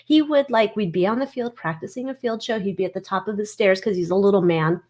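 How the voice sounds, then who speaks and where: A woman's voice: medium pitch, quick pace, a little mellow. A woman hosting a casual livestream, chatting bluntly and reading viewer comments. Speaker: livestream host.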